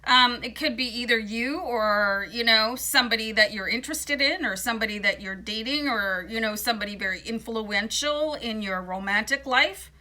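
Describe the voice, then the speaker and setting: Woman tarot reader, bright forceful tone, slight morning voice, talks in a loose, reassuring way. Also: a little high, moderate pace, hardly any pauses. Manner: chatty, reassuring, many fillers. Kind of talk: casual tarot card reading.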